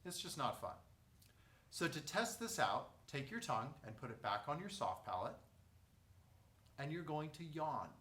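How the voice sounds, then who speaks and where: Man, vocal teacher, calm instructive delivery, roomy echo, mic set back. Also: on the high side, moderate pace, long pauses. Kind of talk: guided vocal lesson. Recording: echoey room, mic at a distance.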